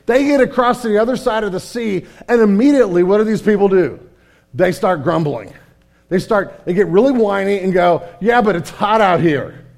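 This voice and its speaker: A man with a fairly high voice preaching a sermon. He talks candidly and conversationally, restarting his phrases often. His delivery swings between quiet, somber stretches and loud, animated bursts. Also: a little fast, creaky. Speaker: pastor.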